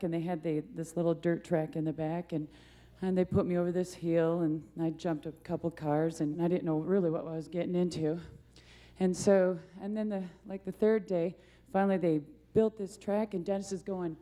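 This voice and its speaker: A woman's voice: lowish voice, fairly even intonation, moderate pace, warm tone. A young woman, a monster truck driver, giving a rambling, laughing award acceptance speech full of self-deprecating stories.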